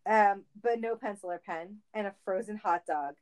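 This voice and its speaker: A woman's voice: medium pitch, normal speed, darkish tone, rough recording. Playful woman reading a comic story. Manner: playful, laughing.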